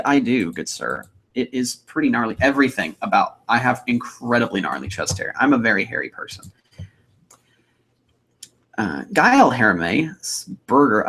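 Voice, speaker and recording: A man's voice: mid-range voice, fairly bright tone, slightly rough. A young man, chatting casually on a livestream, reading out viewer comments in an upbeat, rambling way. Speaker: livestream host.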